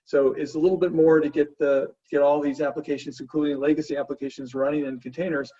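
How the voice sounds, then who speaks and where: A man answering webinar questions as a panelist, halting, with frequent fillers and restarts. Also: fairly high pitch, flat delivery, mellow. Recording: distant, muffled remote audio.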